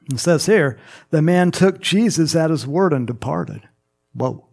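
A man preaching a sermon in a slow, conversational way, laughing and putting on playful mock voices. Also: on the high side, lively intonation, creaky, a little mellow.

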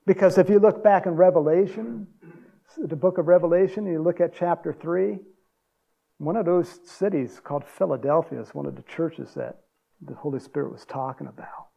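A man preaching a sermon in a folksy, chuckling way, acting out quotes in a higher voice. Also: fairly even intonation, moderate pace, gravelly, dull audio. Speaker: pastor.

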